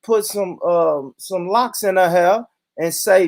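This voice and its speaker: A man's voice: sits high, slow, dry recording. A man in his thirties hosting a loose, profane comedy chat, often slipping into mock voices for laughs. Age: 30s.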